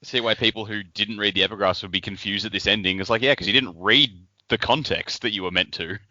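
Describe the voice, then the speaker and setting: A man co-hosting a casual book podcast, lively and jokey and quick to laugh. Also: on the low side, dry recording. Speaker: podcast co-host. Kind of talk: casual book-club chat. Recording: dull, dry home podcast mic.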